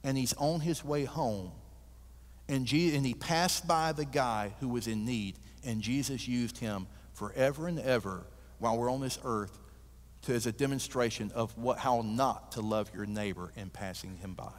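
Male guest preacher, folksy and animated, mid pitch, long church reverb. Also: moderate pace. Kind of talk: sermon with storytelling.

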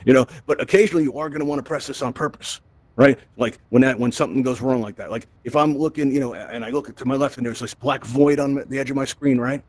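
Fast-talking upbeat man from Brooklyn. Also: mid-range voice, no room sound. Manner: chatty and upbeat, tags lines with "right?". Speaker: event host and VR instructor. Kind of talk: live presentation to a virtual audience.

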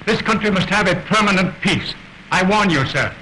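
A grave rebel doctor. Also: male voice, high voice, normal speed, pushed and bright, low-quality recording. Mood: insistent. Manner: formal, solemn, insistent. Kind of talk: 1930s film acting. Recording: hissy early 1930s film soundtrack.

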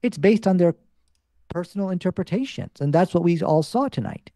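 Insistent male debater, dark dry voice. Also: high-pitched, expressive, brisk, no room sound. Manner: insistent, repeats himself. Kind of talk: debate argument.

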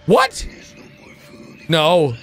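A man giving excitable reaction commentary to cartoons, exclaiming and shouting often. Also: on the high side, drawn-out words. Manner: exclaiming, frequent shouts and laughs. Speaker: video reactor. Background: cartoon music and sound effects.

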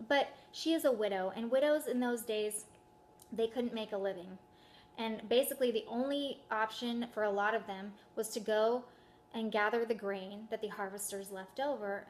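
A woman's voice: fairly high pitch, slight background noise. Chatty woman Bible teacher. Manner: conversational, asks the listener questions. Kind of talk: casual sermon.

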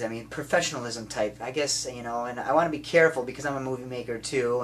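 A man's voice: medium pitch, fairly bright tone, a little hiss or hum. A man and amateur filmmaker talking casually and enthusiastically about a film he loves, rambling with many restarts. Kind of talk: casual spoken movie recommendation.

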